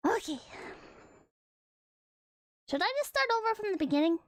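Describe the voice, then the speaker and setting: A woman's voice: very high voice, big pitch swings, moderate pace, no echo. A young woman streamer reading a horror story aloud between chat to viewers, flustered and giggly, stumbling over words.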